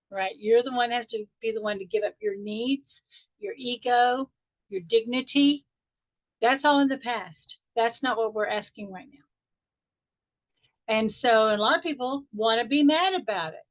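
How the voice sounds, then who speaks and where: A woman coach with a slightly high voice leads a group session over a video call. She guides a meditation slowly and softly, then teaches in a lively, conversational way. The call audio is dull and lo-fi. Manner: soft, unhurried guiding voice that turns chatty and animated when explaining. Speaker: life coach.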